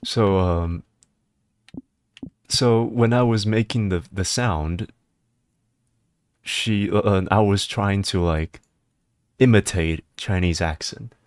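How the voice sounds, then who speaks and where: Deep-voiced male streamer, casual and rambling. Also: slow, long pauses, dry recording. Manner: excitable, rambling, breaks into laughter and high-pitched disbelief. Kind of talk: casual live-stream chat.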